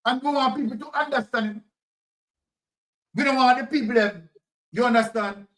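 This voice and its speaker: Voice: mid-range voice, moderate pace, a bit bright, recorded from a distance, rough recording. A political commentator with a Jamaican accent, talking emphatically and repeating phrases in Jamaican Patois. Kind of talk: impassioned commentary.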